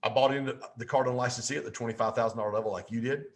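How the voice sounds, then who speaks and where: A man telling a lively story as a podcast guest, with folksy asides. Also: mid-range voice, racing.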